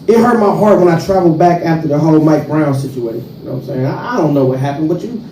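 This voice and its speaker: Stand-up comic, male, St. Louis accent, high and lively delivery, heard from afar in a noisy club. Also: quick pace. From St. Louis, USA. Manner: animated, swings loud and soft, acts out characters. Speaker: stand-up comedian. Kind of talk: stand-up comedy set. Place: comedy club stage with audience. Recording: roomy club sound from a distance, audience noise.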